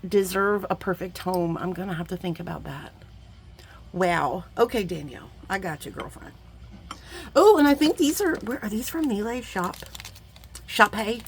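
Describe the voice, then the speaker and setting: A woman's voice: medium pitch, a little hiss or hum. Gushing woman chatting over bead mail. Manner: gushing, effusive, chatty, many asides to viewers. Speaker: jewelry-making YouTuber opening bead mail. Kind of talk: casual chatty unboxing vlog.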